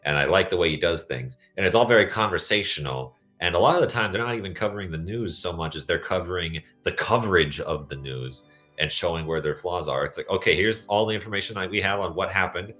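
A man's voice: sits low, brisk, a bit bright, soft background music. A man co-hosting a podcast in casual chat, rambling from tangent to tangent. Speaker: podcast co-host.

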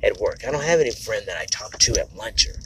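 A podcast host with a fairly low, fairly bright voice vents fast and expressively in a casual personal monologue. He's on edge, rambling and frank, swearing often and correcting himself along the way. There's slight background noise.

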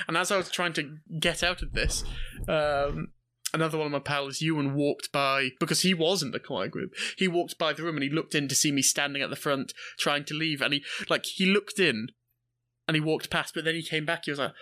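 A man's voice: fairly high pitch, a little fast. A Scottish man casually telling a school story, swearing freely and acting out the people in it. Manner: animated, swears freely, acts out voices in anecdotes.

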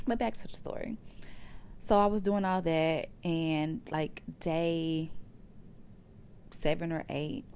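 A woman's voice: deep voice, creaky, darkish tone. A young adult woman, hosting a podcast and telling a personal story in a conversational way, often calling her listeners "y'all". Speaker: podcast host. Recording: faint background hiss.

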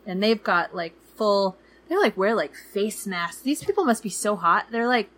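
Woman, 30s, podcast co-host, casual rambling storyteller, average pitch. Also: lively intonation, normal speed, fairly bright tone. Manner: chatty, many fillers, acts out quoted people. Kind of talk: casual chat.

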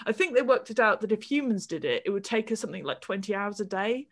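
A woman, co-hosting a podcast and explaining ideas with animated enthusiasm in casual chat. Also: mid-range voice, fast talker. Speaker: podcast co-host.

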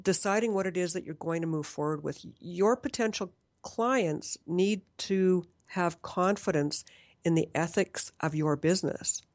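A woman's voice: fairly low pitch, measured pace, a little mellow, no echo. A woman talking about marketing in a casual conversation, earnest and emphatic.

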